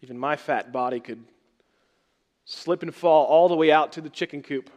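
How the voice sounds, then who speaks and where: Man, pastor, sermon, fairly high voice, loud emphatic bursts dropping to soft trailing endings. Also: normal speed.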